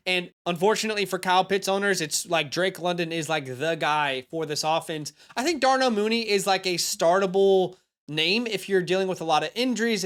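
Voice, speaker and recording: A young man hosting a fantasy football show, giving energetic, emphatic start-and-sit advice in a casual monologue. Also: high voice. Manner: hyped, emphatic, speeds up and slows down.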